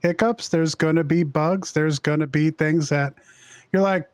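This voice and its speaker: A man's voice: fairly high pitch, moderate pace, dry recording. A man hosting an interview podcast, conversational, asking his guest follow-up questions. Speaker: podcast host. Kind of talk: casual interview talk.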